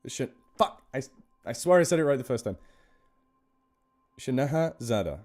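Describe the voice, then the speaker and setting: A man's voice: mid-range voice, lively intonation, fast, darkish tone. A man chatting casually on a live stream between horror stories, rambling and self-deprecating as he thanks donors by name. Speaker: horror story narrator on a charity live stream. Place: indoors at home.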